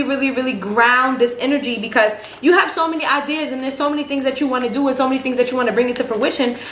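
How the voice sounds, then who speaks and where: A high-pitched woman reads tarot cards in a casual, animated way. She repeats phrases for emphasis and talks straight to her viewers. The room is echoey, with a faint hiss behind her. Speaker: tarot reader.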